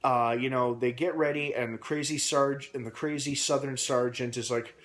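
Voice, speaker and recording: A man recapping a TV episode in a casual, rambling vlog with many pauses and fillers. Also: medium pitch, fairly bright tone, slight background noise. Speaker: TV episode reviewer.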